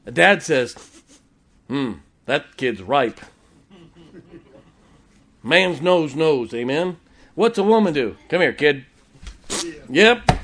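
A man preaches to a congregation in church, folksy and emphatic, repeating his key lines and chuckling between points. His voice is a little high and a bit bright.

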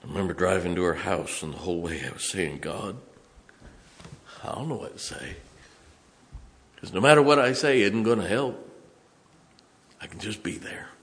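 A man preaching a sermon as pastor, telling stories from the pulpit and breaking into song and shouts. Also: sits low, normal speed, long pauses, long reverb tail, a little hiss or hum. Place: church sanctuary.

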